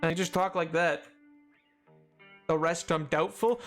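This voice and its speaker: A man's voice: on the high side, steady tone, measured pace, pauses often, a bit bright, soft background music. Rambling playful male streamer. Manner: rambling, playful, bantering with chat. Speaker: game streamer. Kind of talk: casual livestream chat.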